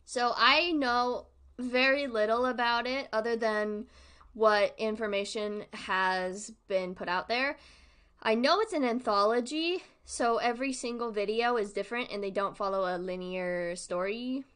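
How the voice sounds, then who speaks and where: A young woman chats on her live stream in a bright, slightly high voice. She rambles from topic to topic and breaks into giggles often. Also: a little slow, clean tone. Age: young adult. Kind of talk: casual live-stream chat.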